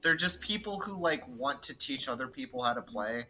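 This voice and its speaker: A man's voice: mid-range voice, animated, brisk, pushed and bright. A man chatting casually about a video game, talkative and full of filler words. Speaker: co-player. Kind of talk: casual gaming chat.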